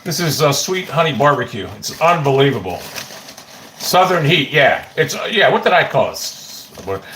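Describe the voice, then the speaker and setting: A man's voice: on the high side, moderate pace, reverberant, slight background noise. A man chatting casually on a livestream from his home kitchen into a phone, rambling and swearing as he snacks. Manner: rambling, profane, easily excited.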